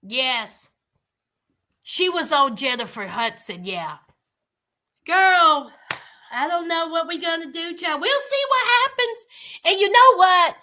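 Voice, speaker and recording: A woman hosts a casual livestream, talking to her viewers by name. Her voice sits very high and sounds bright and forceful. She takes her time, drawing out her words in animated exclamations. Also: takes it slowly, pauses often. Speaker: livestream host. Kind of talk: casual commentary chat with viewers.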